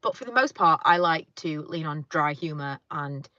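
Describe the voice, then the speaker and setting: A woman's voice: deep voice, lively intonation, moderate pace, sharp tone, dry recording, lo-fi sound. A woman chatting casually in her car, reading viewer comments and rambling with lots of fillers. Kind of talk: casual car chat live stream. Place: inside a parked car.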